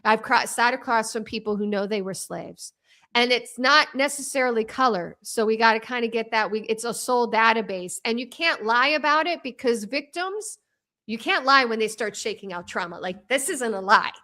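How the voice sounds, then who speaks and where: A woman speaking as an interview guest, an author and trauma coach, talking in an animated, rambling way with frequent restarts. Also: fairly high pitch, moderate pace. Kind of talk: casual interview talk.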